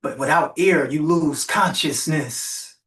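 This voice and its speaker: A man hosting a virtual summit, giving an energetic motivational talk that keeps urging listeners to write in the chat. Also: on the high side, slow, roomy sound, recorded from a distance. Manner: energetic, preachy, repetitive calls to the chat. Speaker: summit host and motivational speaker. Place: virtual event broadcast.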